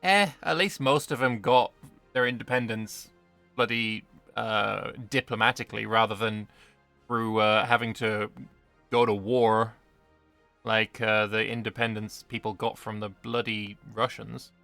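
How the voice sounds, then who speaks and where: A man's voice: on the low side, steady tone, a little slow, gravelly, bright, forceful tone, no room sound, soft background music. A British man streaming a strategy game, bantering with chat and swearing casually. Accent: British English. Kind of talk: gaming livestream commentary.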